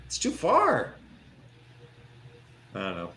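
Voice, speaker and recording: A man hosting a casual book-discussion podcast, animated and profane, who acts out characters in quick put-on voices. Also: on the high side, creaky. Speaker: podcast host.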